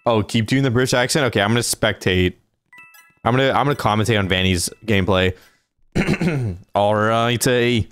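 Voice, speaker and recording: A man livestreaming a video game, chatting casually and reacting out loud as he plays. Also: lowish voice, fast, no room sound, faint music behind. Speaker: gaming streamer. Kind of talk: casual live gameplay commentary.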